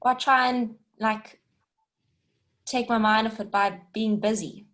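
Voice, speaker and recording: A woman's voice: on the high side, fairly even intonation, unhurried, a bit bright. A woman student in a yoga class, answering the teacher candidly in short replies. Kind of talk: class discussion.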